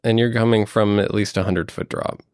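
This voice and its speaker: A man's voice: lowish voice, steady tone, moderate pace, a little mellow, clean tone, dry recording, studio quality. A man narrating as game master of a tabletop game, hesitant with many ums and uhs. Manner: hesitant, fills with um and uh.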